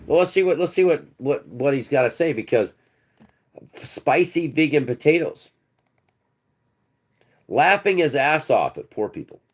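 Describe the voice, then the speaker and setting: A man's voice: fairly high pitch, lively intonation, unhurried, long pauses. A man hosting his own channel, ranting and mocking a commenter in a scornful, profane way. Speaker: channel host.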